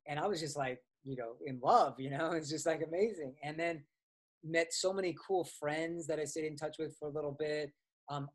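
A man teaching astrology in a casual, conversational way, with frequent fillers and restarts as he tells personal stories. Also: medium pitch. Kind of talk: casual explanatory lecture.

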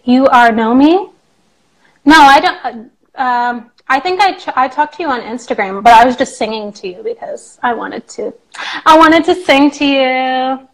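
Woman, young, English teacher, casual live-stream chat, affectionate, playful, high-pitched, slow-paced. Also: poor audio. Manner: chatty, affectionate, breaks into playful singing.

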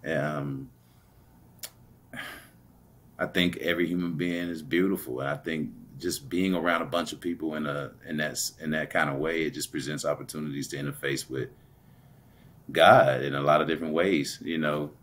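A man, a guest on an interview show, telling a personal story in a conversational way, often laughing as he recounts what was said. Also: a bass voice. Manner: animated, laughing while retelling dialogue.

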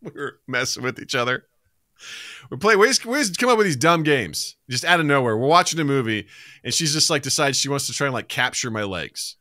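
Animated bright-voiced man on a podcast. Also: medium pitch, fairly quick, no room sound, studio quality. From United States. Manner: animated storytelling, acts out quotes with laughs. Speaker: podcast co-host. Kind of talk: casual podcast banter.

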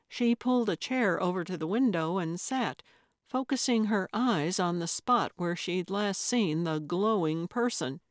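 A woman narrating a cozy mystery audiobook in a calm, measured way. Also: mid-range voice, dry recording, studio quality. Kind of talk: scripted narration.

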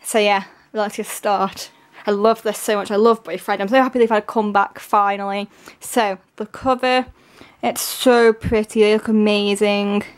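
A woman gushing excitedly through a casual unboxing, her voice strained and giving out. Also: medium pitch, normal speed, clean tone. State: voice giving out, coughing. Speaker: K-pop album unboxer.

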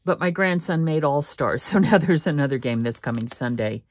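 A woman's voice: sits low, lively intonation, moderate pace. An older woman hosting a casual craft vlog from her home studio, rambling and correcting herself as she thinks aloud. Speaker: craft channel host.

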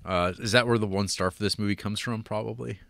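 A man's voice: lowish voice, steady tone, quick pace, creaky, fairly bright tone, dry recording. Brief: male co-host, mocking casual tone, dry close sound. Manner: rambling, wry, lots of fillers and mocking. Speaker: podcast co-host. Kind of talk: casual film review chat.

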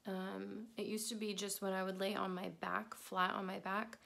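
A pregnant woman in her twenties gives a casual vlog update in a level, gravelly, fairly bright voice at a moderate pace. She's chatty and switches to a high sing-song baby talk when addressing her cat.

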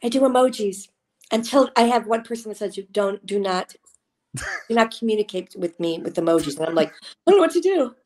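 A woman's voice: medium pitch, fairly quick, low-quality recording. Punchy comic woman in her fifties. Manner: punchy, comic delivery with bursts of emphasis. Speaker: guest, actress and comedian. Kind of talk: casual chat.

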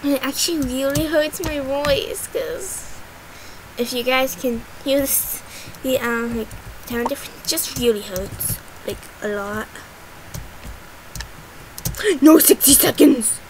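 Chatty woman gamer in her bedroom, high and slow-paced, giggly. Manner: giggly, rambling, with sudden excited squeals. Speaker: gaming channel host. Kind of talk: casual gameplay commentary. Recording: noisy, fireworks popping behind. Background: fireworks.

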